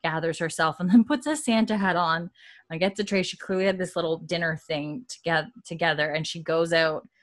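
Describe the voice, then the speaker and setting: Low-voiced young woman recapping a show. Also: steady tone, fairly quick, no room sound. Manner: chatty, heavy on "like" fillers, acts out the characters' lines. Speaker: podcast host. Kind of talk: casual TV episode recap.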